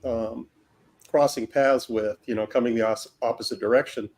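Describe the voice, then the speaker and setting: A man's voice: mid-range voice, fairly even intonation, darkish tone. A man hosting an art livestream, telling a long rambling anecdote in casual chat. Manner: slow, rambling anecdote teller.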